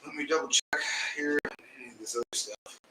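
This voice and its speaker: Man, casual chat, loud and excitable, swears a lot, very bright tone, echoey room, off mic. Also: on the high side, brisk. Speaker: co-host. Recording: roomy and distant with faint noise.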